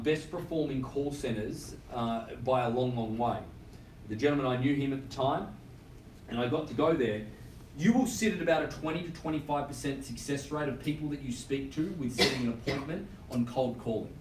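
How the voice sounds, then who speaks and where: A man's voice: medium pitch, darkish tone. Man coaching in an echoey room. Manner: direct, coaching, tags lines with "okay?". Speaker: real estate auction trainer. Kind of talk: training seminar talk. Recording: echoey room with faint background noise.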